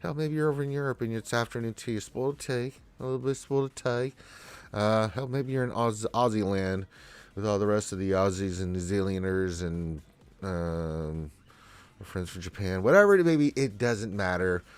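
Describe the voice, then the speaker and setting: A man's voice: on the low side, moderate pace, clean tone. A man hosting a live question-and-answer stream, congested from allergies, talking in a rambling, laid-back way to his chat viewers. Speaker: livestream Q&A host.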